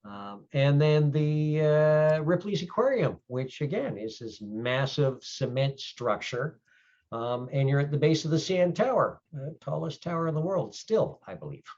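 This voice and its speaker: A man as game master describing the scene for a tabletop game, unhurried and filling pauses with "uh". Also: on the high side, expressive, darkish tone. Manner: unhurried, with many fillers. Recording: dull lo-fi audio.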